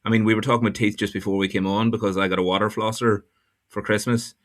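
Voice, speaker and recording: A man's voice: fairly low pitch, little pitch movement, quick pace, a bit bright. An Irish man chatting casually on a podcast, joking and laughing often. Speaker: podcast panelist. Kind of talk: casual chat.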